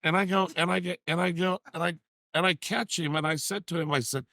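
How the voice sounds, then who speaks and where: A man telling a comic anecdote in a studio talk show, animated, acting out the quotes and repeating himself. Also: on the high side, fairly quick, no echo. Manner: animated storyteller who acts out quotes and repeats "I said".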